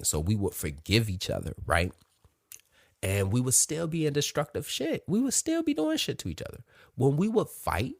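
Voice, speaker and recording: A man's voice: deep voice, fairly bright tone, dry recording, studio quality. A man in his thirties, a podcast host, telling a frank, profane personal story with emotional openness.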